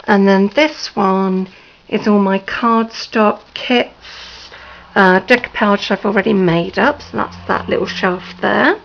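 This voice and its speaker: A woman with a hoarse, sore-throated voice gives a slow, hesitant, apologetic tour of her room, with many ums. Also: mid-range voice. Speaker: crafting vlogger. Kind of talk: casual room tour vlog. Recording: dull lo-fi home video with faint noise.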